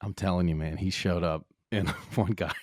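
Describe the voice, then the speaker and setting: A man's voice: sits low, steady tone, moderate pace, dry recording, clean studio sound. A man co-hosting a podcast in casual chat, rambling and swearing freely. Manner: rambling, swears freely, laughs at own stories. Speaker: podcast co-host.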